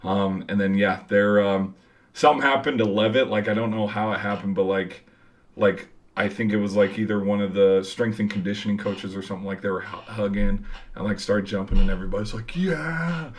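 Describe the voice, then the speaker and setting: A young college football fan vlogger tells a game-day story in a low-ish, level voice, talking a little fast. He rambles casually, swears freely and fills his speech with "like".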